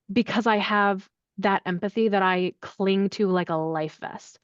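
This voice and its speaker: A woman's voice: medium pitch, measured pace, hardly any pauses, clear, resonant tone, dry recording. Chatty woman guest, dry dull sound. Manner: animated, chatty, with lots of fillers. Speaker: accessibility services head, podcast guest. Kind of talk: conversational interview answer.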